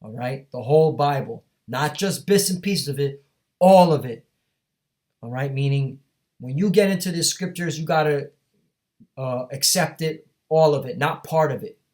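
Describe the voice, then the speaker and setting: A man's voice: on the high side, normal speed, darkish tone. A man teaching from scripture, reading verses aloud and then commenting on them emphatically while often checking in with his listeners. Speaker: Bible teacher.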